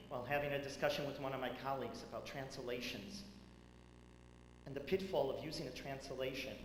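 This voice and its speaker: A man, a rabbi, giving a tribute speech at a banquet, telling stories with dramatic swings between loud and hushed delivery. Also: medium pitch. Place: large banquet hall. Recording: echoey hall with faint hum.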